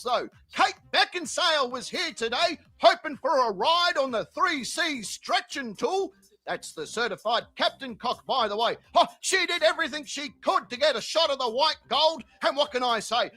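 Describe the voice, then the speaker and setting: A man's voice: extremely high pitch, sharp tone, dry recording. A man hosting a comedy show, telling crude, profane, rambling stories. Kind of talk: crude comic monologue.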